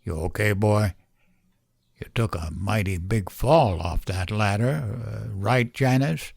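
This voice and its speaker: A man voicing a brutal father who speaks slowly and calmly when angry, with a drawling, threatening manner. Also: on the low side, creaky, dry recording, clean studio sound, exaggerated voice. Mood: falsely concerned. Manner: slow, calm, threatening drawl. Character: brutal menacing father, man, slow and calm in anger.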